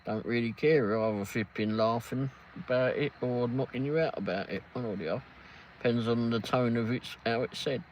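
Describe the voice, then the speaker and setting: A man's voice: mid-range voice, normal speed, a little hiss or hum, rough recording. A man in his fifties with an English accent, hosting a casual live stream, rambling and reading chat aloud. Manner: rambling, reads chat aloud, laughs often. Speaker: livestream host.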